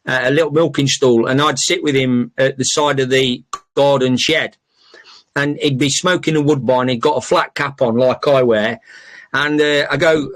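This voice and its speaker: A man's voice: fairly high pitch, fairly bright tone. Rambling man telling stories. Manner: rambling, with many fillers and restarts, swears. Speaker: podcast host. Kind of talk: casual storytelling monologue.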